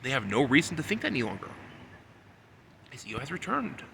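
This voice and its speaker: A man in a rambling solo monologue, repeating himself and swinging between low muttering and loud, insistent scolding. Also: big pitch swings, fast, creaky, a little hiss or hum. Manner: repetitive, talks about himself in the third person. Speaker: vlogger.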